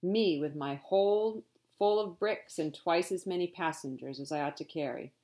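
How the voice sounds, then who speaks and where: A woman's voice: fairly low pitch, moderate pace, dark tone, close to an everyday voice. A woman voicing a hot-tempered, burly male sea captain who roars and growls. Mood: grumbling. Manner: roaring, growling bellow.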